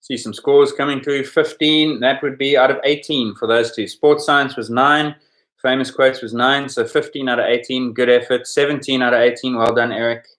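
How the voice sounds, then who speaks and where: A man's voice: mid-range voice, fairly even intonation, moderate pace, a bit bright. Man hosting a chatty sports quiz. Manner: explanatory, chatty, goes over answers with asides. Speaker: podcast host running a sports quiz. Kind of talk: casual quiz commentary. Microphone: podcast microphone.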